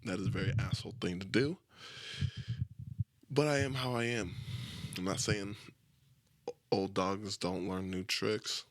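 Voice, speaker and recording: A man's voice: deep voice, steady tone, unhurried, long pauses, no room sound. A young man hosting a solo podcast, talking in a crude, rambling, self-deprecating way with lots of swearing. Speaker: podcast host. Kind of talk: casual solo podcast monologue.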